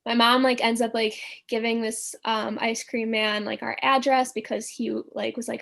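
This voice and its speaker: Woman guest rambling through a story, kinda high voice, lots of fillers. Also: normal speed. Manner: animated storyteller, constant "like" fillers. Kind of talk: casual storytelling interview.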